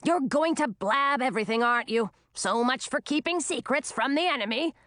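A woman voicing a cranky old female witch in a storybook, with a raspy, snappish, scornful voice. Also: high voice, lively intonation, fairly quick, a bit bright, no echo, clean studio sound. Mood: grumbling.

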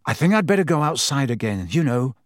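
A man's voice: mid-range voice, big pitch swings, fast, dry recording, clean studio sound, close to an everyday voice. A man reading aloud voices a restless, determined teenage boy wizard, tense and insistent. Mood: pleading.

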